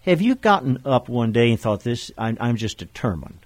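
A man preaching a sermon, animated, chuckling and putting on voices for the figures in the story. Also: medium pitch, moderate pace, no echo.

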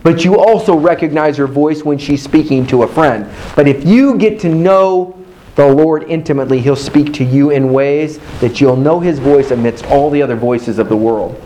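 A man's voice: on the high side, normal speed, warm tone, rough recording. A man preaching a sermon in a hotel meeting room, building his points through rhythmic repetition and call-and-response with the congregation.

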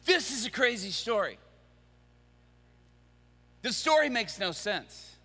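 A man's voice: high-pitched, sing-song, slow pace, pushed and bright, slightly rough, in a large hall. A man preaching a sermon, telling the story theatrically and acting out every character.

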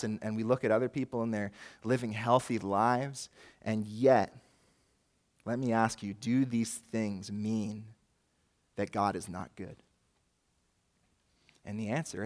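A man preaching a sermon as pastor, earnest and rising and falling in force, with a light joke now and then. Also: mid-range voice. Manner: jokes lightly with the congregation.

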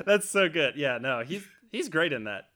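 A man co-hosting a movie podcast, chatty and quick to laugh, quizzing his co-host about trivia. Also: on the high side, huge pitch swings, sharp tone. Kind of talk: casual chat about films.

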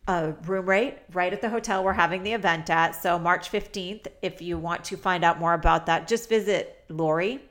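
A woman with a cold-stuffed, nasal voice hosts her podcast solo. She chats in an upbeat, promotional way, and her pitch sits on the lower side for a woman. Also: normal speed, hardly any pauses, a bit bright. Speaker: podcast host. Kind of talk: casual solo podcast talk.

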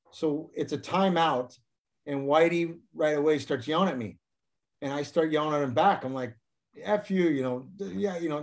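A man's voice: a little high, a little mellow. A man, a former pro hockey player, telling rambling stories with laughs and restarts in a casual interview.

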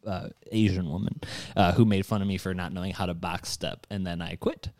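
A man's voice: low voice, steady tone, a little fast, a little mellow, dry recording. A man co-hosting a podcast in casual chat, telling rambling, self-deprecating stories full of fillers. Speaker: podcast co-host.

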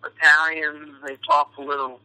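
Bright-voiced rambling New York man. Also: a little high, level tone, normal speed, clean tone, rough recording. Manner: rambling, full of fillers and restarts. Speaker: actor guest. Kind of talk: casual interview chat.

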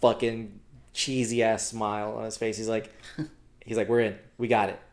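A man's voice: lowish voice, moderate pace. A young man on a podcast, telling a story in casual chat, slangy and swearing freely, acting out what others said. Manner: animated, slangy, swears freely, acts out quoted dialogue. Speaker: podcast co-host.

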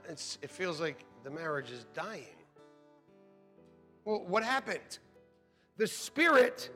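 Animated joking pastor in a reverberant hall. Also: male voice, sits high. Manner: animated, joking, laughs often. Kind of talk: sermon. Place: church sanctuary. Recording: long hall reverb with faint music.

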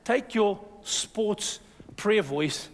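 A male pastor with a high-pitched voice preaches an extremely slow sermon with lively energy, spurring the congregation on and calling for their "amen." The sound carries through a church hall and trails off in long reverberation.

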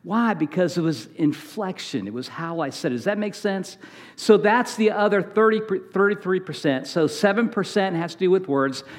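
Guest preacher guy, middle-aged, chatty sermon, stumbles and repeats words, bit high. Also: lively intonation, normal speed. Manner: conversational, repeats words often, polls the audience.

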